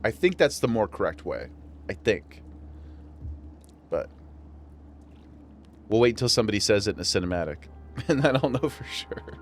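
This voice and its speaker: A man's voice: on the low side, big pitch swings, moderate pace, pauses often, faint music behind. A man with a western New York accent, chatting casually and laughing often while streaming a game. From western New York region. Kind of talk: casual gameplay chat.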